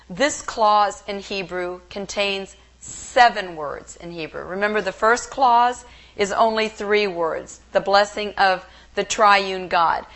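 A woman Bible teacher giving a slow, measured devotional teaching on a scriptural blessing. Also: medium pitch, a bit bright. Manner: slow, measured, reverent delivery.

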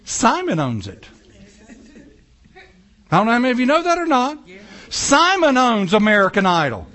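Male pastor, sermon delivery, animated and joking; high, bright, lively voice. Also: normal speed. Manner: animated, joking preaching with acted-out quotes.

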